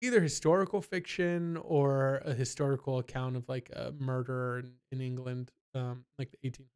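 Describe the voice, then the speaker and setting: A young man chatting casually on a podcast, telling stories with lively asides. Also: medium pitch, moderate pace, clear, resonant tone. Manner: animated storyteller, mimics people in quotes. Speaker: podcast co-host. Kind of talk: casual chat.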